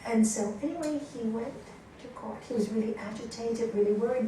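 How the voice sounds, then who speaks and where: A woman's voice: on the high side, a little fast, few pauses. A woman yoga teacher giving a training lecture, telling stories and asking her class questions. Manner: lively storytelling, asks the class questions. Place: yoga course room with students. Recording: echoey room, voice from a distance, faint noise.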